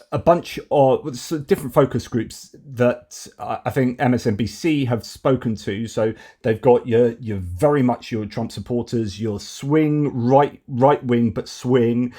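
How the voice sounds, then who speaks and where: A man's voice: medium pitch, mellow. A man giving casual political commentary, chatty, with many fillers and restarts.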